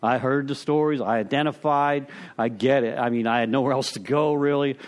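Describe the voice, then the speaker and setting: A man's voice: medium pitch, fairly even intonation, fairly quick. A middle-aged man sharing his personal story with a recovery group, rambling and interrupting himself, chuckling at his own tale. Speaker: speaker sharing at a recovery meeting.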